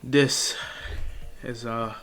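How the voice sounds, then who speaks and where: A man voicing a determined young male hero, speaking low, firm and serious. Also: level tone, drawn-out words, a bit bright, faint music behind. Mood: grim.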